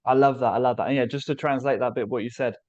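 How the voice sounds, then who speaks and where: A man's voice: mid-range voice, steady tone, fast, darkish tone, muffled recording. A man hosting a casual interview, enthusiastic and chatty, often saying "like" and "right?". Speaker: interview host.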